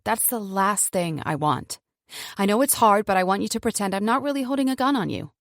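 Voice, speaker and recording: A woman's voice: mid-range voice, animated, brisk, no room sound, studio quality, lightly acted. A woman reading an audiobook, voicing a chatty, patronising woman captor who holds a gun and talks falsely soothing. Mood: coolly menacing.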